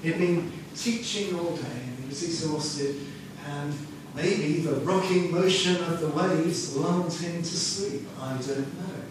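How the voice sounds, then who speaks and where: A man delivers a sermon in a relaxed, conversational way, telling the story slowly and with a fairly high voice. He sounds distant from the microphone, in a very echoey room with faint ambient noise behind him. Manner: conversational, storytelling, half-sings lyrics. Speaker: preacher.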